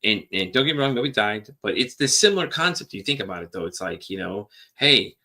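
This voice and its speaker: Gravelly low-voiced man, rambling. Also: very animated, fast talker, bright, forceful tone. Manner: rambling, repeats himself, casual swearing. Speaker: podcast host. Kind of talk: candid personal monologue.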